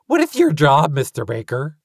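A woman's voice: low voice, huge pitch swings, normal speed, a little mellow, slightly rough, dry recording, clean studio sound, voice pushed up, full character voice. A woman voicing a dreamy child creature who longs for the city, wistful and eager.

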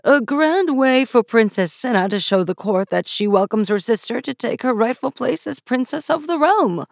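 A woman's voice: a little high, animated, moderate pace, gravelly, no room sound, pitched above the performer's own voice. A woman voicing a kindly, self-satisfied knight who speaks in formal, grand phrases. The sound is dry and close. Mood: pompous.

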